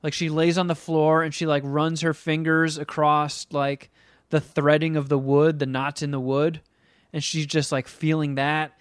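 A man's voice: fairly high pitch, little pitch movement, normal speed, smooth, no room sound, clean studio sound. A man on a podcast ranting about a movie he hated in a casual, profane, exasperated way. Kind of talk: casual comedic movie rant.

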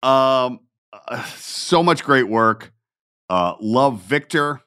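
A man hosting a podcast, chatting and reminiscing in a relaxed way with a guest. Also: mid-range voice, drawn-out words, clear, resonant tone, dry recording, clean studio sound. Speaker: podcast host. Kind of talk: casual interview chat.

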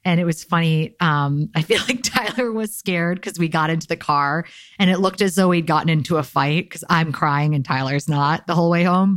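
Young woman host, low voice, candid chatty spiritual talk with fillers, dry close sound. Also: no echo. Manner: candid, conversational, uses filler "like" and "um". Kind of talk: casual spiritual self-help talk.

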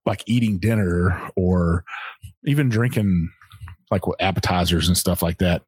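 A very deep-voiced man co-hosts a podcast in a folksy, chatty way that rambles a little. His voice is husky and recorded close and dry. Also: measured pace, a little mellow, no echo. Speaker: podcast co-host. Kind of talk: casual podcast chat.

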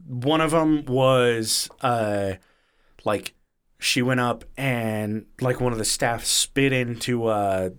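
A man hosts a podcast in a casual, animated way. He swears often and throws himself into quotes with shifting voices. His pitch sits at an ordinary middle for a man. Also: clean tone. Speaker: podcast host. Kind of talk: casual storytelling chat.

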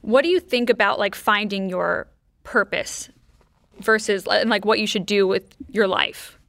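A woman's voice: medium pitch, unhurried, creaky, a bit bright, no room sound, clean studio sound. A woman hosting a casual interview, affirming and reflective, often murmuring agreement. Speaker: podcast host.

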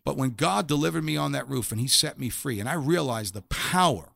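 A middle-aged man relates his faith testimony as an interview guest, his medium-pitched voice expressive, a little fast and fairly bright, with some vocal fry. Earnest and emphatic, he often says a phrase's first word twice.

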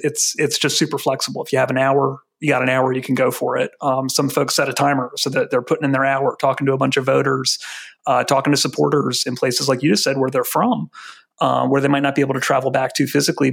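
Gravelly, monotone man organizer. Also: mid-range voice. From New Jersey. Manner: earnest, fluent with many fillers. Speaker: volunteer organizer guest. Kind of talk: casual podcast chat.

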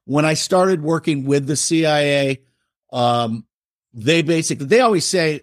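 A man's voice: on the high side, unhurried, no echo, clean studio sound. A middle-aged man, a writer, telling a family story in a casual, rambling way. He interrupts himself often and acts out what others said.

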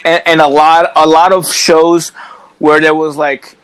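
A man's voice: a little high, flat delivery, unhurried, a bit bright, smooth, poor audio. A man, a wrestler, chatting casually on a podcast, rambling with lots of restarts and swearing. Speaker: wrestler guest.

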